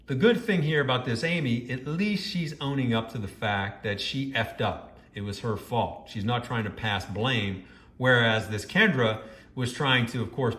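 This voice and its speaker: A man's voice: mid-range voice, a bit bright, roomy sound. A man reading a first-person story aloud and breaking off into judgmental, scolding commentary.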